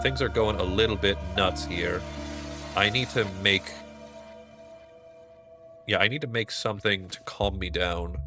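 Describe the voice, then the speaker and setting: A man thinking aloud while playing a game, rambling and trailing off mid-thought. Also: fairly low pitch. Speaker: let's play host. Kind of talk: casual gameplay commentary.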